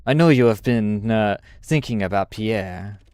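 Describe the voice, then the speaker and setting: A man's voice: fairly low pitch, measured pace, a little mellow, clean tone, dry recording, studio quality, lightly acted. A man reading as a weary young French soldier. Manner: reads a letter aloud with a faint put-on French inflection.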